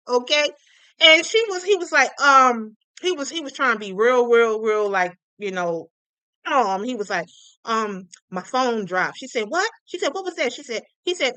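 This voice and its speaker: Brief: high-pitched woman gossip streamer, sassy and chatty, dry close-mic sound. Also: bright, forceful tone, no echo. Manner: chatty, sassy, calls viewers honey and y'all. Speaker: gossip channel host. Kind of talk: casual gossip commentary on a livestream.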